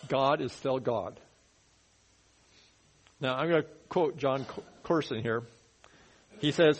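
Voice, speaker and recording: Guy preaching a sermon, chatty bible teaching, goes low and quiet to make a point. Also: measured pace, pauses often, low-quality recording. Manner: conversational teaching, drops his voice low for emphasis. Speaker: pastor. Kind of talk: expository sermon.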